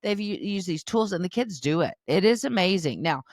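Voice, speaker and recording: A woman's voice: fairly low pitch, lively intonation, fairly quick, no echo, studio quality. An older woman hosting a parenting podcast, giving earnest, instructive advice in a conversational way. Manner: earnest, warmly instructive, acts out quoted voices.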